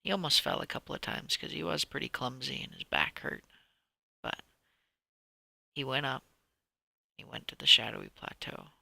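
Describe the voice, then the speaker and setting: Brief: male storyteller, lively ups and downs, dry close sound. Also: medium pitch, moderate pace, creaky, long pauses, dry recording. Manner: animated, drops to whispers, restarts sentences. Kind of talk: improvised bedtime story reading.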